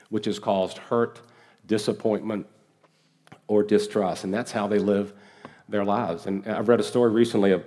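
A man preaching a sermon as pastor, earnest and emphatic, with slow deliberate pauses and repeated phrases. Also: fairly low pitch, a little mellow. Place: church sanctuary.

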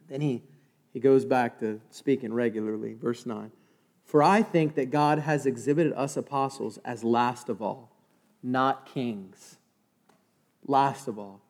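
A middle-aged man preaching a sermon, reading scripture aloud and calling for congregation responses. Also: unhurried. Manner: animated, rises high and loud when exhorting. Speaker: pastor. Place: church sanctuary. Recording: long reverb of a church hall.

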